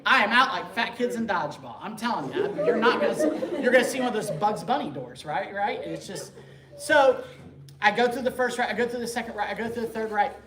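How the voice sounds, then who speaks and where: A man telling his conversion story to a parish group in a lively, joking, conversational way. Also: sits high, brisk, a crowd in the background. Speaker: speaker giving a conversion testimony. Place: church meeting room. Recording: echoey room, faint background noise.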